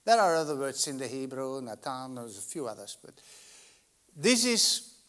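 A man preaching a sermon as pastor, telling a story dramatically with big swings between loud and soft. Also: very animated. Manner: dramatic storytelling with wide swings in loudness and pitch; slow, deliberate delivery with long pauses.

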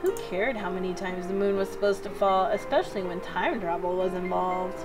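A woman's voice: mid-range voice, brisk, over music. A woman reading a visual novel's narration aloud as a guest on a let's play, in a light, giggly way. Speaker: guest co-player.

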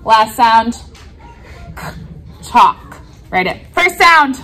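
A young woman teacher, talking quietly to camera in a vlog and calling out spelling words to her class in a classroom. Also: on the high side, very animated, drawn-out words. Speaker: elementary school teacher.

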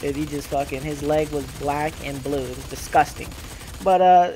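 A young man giving casual, profane reaction commentary on fights, animated and trash-talking. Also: fairly high pitch, moderate pace, noisy background. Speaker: gaming channel host.

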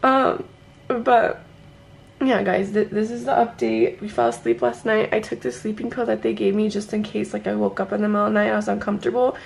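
A young woman vlogging to her handheld camera at home, gushing and excited, teary and sleepy from just waking up. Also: mid-range voice, quick pace, gravelly, few pauses. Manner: gushing, excited, says "like" a lot. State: teary and emotional. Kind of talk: casual vlog to camera.

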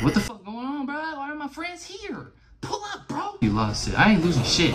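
A young man giving an excited gameplay reaction, loud and exclaiming, swearing and calling everyone "bro". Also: extremely high pitch, normal speed. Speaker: gaming YouTuber. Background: video game music.

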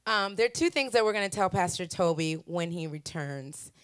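Guest speaker: woman from Wisconsin, slightly low voice, chatty and self-mocking, laughs a lot, dry close sound. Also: animated, normal speed, smooth, no echo. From Wisconsin, USA. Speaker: guest speaker and singer at a church. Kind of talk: chatty personal sharing to a congregation.

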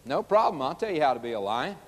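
A deeper-voiced fable monkey, as a preacher puts him on. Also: male voice, big pitch swings, fast talker, long reverb tail. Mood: advising. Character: helpful male monkey in a fable. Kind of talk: sermon illustration storytelling.

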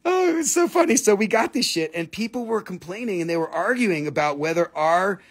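A man's voice: sits high, expressive, a little fast. A man hosting a live crystal sales stream, chatting casually, swearing freely and laughing at his own jokes as he tells stories. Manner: giggly, profane, jokey storyteller.

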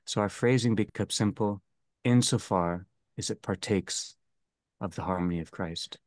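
Man, low voice, dry close sound, theology lecture, measured and repetitive phrasing. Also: darkish tone, dry recording. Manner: slow, deliberate, restates each phrase. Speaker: seminar leader.

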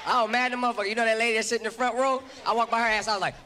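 A man from Long Beach doing a loud, profane stand-up set with animated impressions on a comedy stage. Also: very high-pitched, racing. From Long Beach, California. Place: comedy stage before a live audience. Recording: live club show with a roaring crowd and noise.

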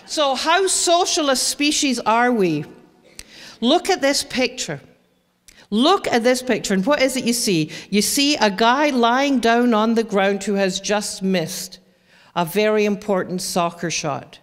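A middle-aged woman, giving an emphatic, animated presentation to parents and telling stories with asides along the way. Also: on the high side, unhurried. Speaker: presenter on teen brain development for parents. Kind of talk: presentation to an audience. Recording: reverberant hall.

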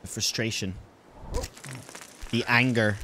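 A man's voice: fairly low pitch, fairly even intonation, slow pace, bright, forceful tone, slight background noise. A man giving casual let's-play commentary, exasperated and swearing as he pleads with his game character. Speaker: gaming video host.

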